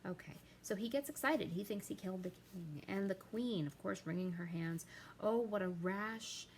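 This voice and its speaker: A woman teacher explaining a play to her class, reading the quoted lines aloud with lively emphasis. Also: mid-range voice, moderate pace, slight background noise, poor audio.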